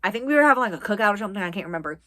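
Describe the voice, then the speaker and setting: A young woman from the US East Coast tells a story from her own life to camera. She talks casually and rambles, filling her sentences with "like" and breaking off into quick asides. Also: medium pitch, animated, bright, forceful tone. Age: 20s. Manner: chatty, rambling with frequent "like". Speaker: vlogger.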